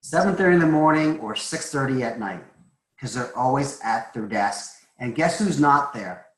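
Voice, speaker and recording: A man's voice: mid-range voice, animated, moderate pace, roomy sound, rough recording. A man from Massachusetts coaching recruiters in a casual webinar, chatty and joking, with a schmoozing manner. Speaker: recruiting trainer.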